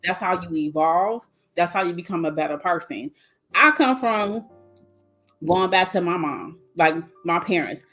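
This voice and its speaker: A woman's voice: fairly low pitch, unhurried, fairly bright tone, soft background music. A woman, speaking bluntly and animatedly as a guest in a casual podcast discussion, acting out the voices she quotes. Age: 40s. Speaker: guest speaker on mental wellness.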